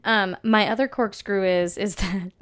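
A woman's voice: mid-range voice, steady tone, a little slow. Young woman podcast co-host, chatty and giggly, loose casual talk. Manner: chatty, giggly, trailing fillers. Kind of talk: casual chat.

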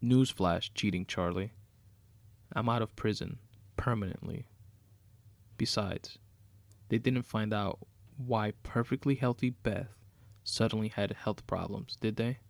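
A man's voice: lowish voice, unhurried, vocal fry, long pauses, no echo. A man voicing a vengeful, sarcastic woman, a murderous former nurse who taunts her captive. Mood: sneering. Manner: sneering, taunting, menacing.

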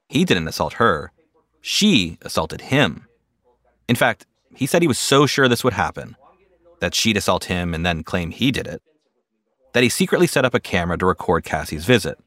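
A man narrating a podcast story in a measured, wry, scripted way. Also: sits low, fairly bright tone, dry recording.

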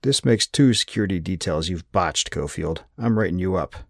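A pompous male agency boss, voiced by an audiobook narrator, blusters in a stiff, indignant tone. The voice stays low and sits dry and close to the mic. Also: expressive, moderate pace, vocal fry, no echo, exaggerated voice.

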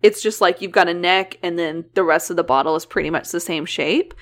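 Woman, podcast co-host, casual chat, animated, laughs easily. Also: on the low side, fairly quick. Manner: chatty and animated, laughs often.

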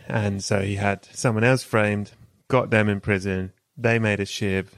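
A man's voice: on the low side, level tone, normal speed, dry recording. A man hosting a podcast, chatting and spinning absurd improvised stories with casual swearing. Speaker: podcast host. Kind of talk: comic interview chat.

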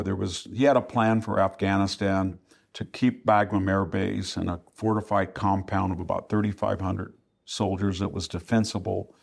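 Gravelly low-voiced older man. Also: a little mellow. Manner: emphatic, fluent argument with quoted asides. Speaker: historian guest. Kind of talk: podcast interview.

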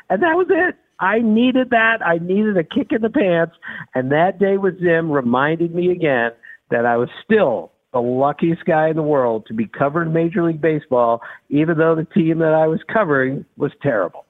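A man in his sixties, a guest telling stories in an excited, animated way, heard over a phone-like line. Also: moderate pace. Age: 60s. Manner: excited, with wide pitch swings. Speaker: guest, baseball reporter. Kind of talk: animated storytelling. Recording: phone-like narrow sound.

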